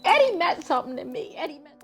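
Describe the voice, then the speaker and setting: A woman's voice: high voice, sing-song, fast, a bit bright. A woman, a bereaved mother, speaking in a documentary interview in an emotional, faltering way. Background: faint music.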